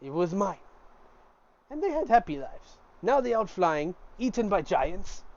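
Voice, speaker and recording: Bitter older circus-owner mystic, formal and smooth, pitched up, played by a game master; lo-fi sound. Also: male voice, very animated, a little slow.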